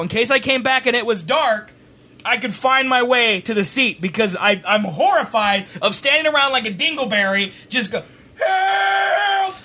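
A man telling a rambling story on a stream, animated, sometimes rising to a shout. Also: very high-pitched. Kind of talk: casual storytelling chat.

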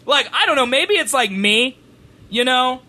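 A man telling a rambling story on a stream, animated, sometimes rising to a shout. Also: very high-pitched, measured pace. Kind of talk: casual storytelling chat.

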